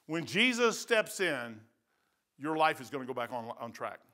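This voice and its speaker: A man's voice: medium pitch, big pitch swings, normal speed, sharp tone. A man in his sixties, a pastor with a Midwestern American accent, preaching a sermon in a folksy, emphatic way that repeats phrases for stress.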